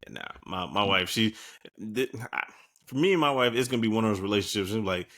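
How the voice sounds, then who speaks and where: A man's voice: fairly low pitch, quick pace, a bit bright. A man co-hosting a podcast, teasing his co-host in playful, casual banter. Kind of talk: casual chat.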